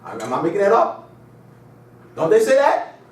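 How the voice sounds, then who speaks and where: A man's voice: sits high, big pitch swings, moderate pace. A man giving a classroom lecture with call and response, emphatic and repetitive, firing rhetorical questions and telling chatty stories. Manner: chatty storytelling asides. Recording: echoey room, mic far off.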